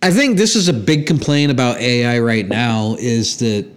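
A man's voice: mid-range voice, normal speed, clear, resonant tone. A man co-hosting a casual podcast, rambling through opinions with plenty of swearing. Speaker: podcast co-host. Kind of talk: casual chat.

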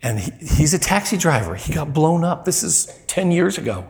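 Animated male preacher telling stories. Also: moderate pace. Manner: animated storyteller, voice jumps high when quoting people. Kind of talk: sermon with storytelling. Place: church.

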